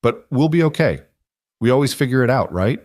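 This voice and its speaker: A man doing a gentle, reassuring single dad. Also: medium pitch, sing-song, brisk, no room sound, studio quality, pitched above the performer's own voice, lightly acted. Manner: tender, reassuring. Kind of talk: storybook narration.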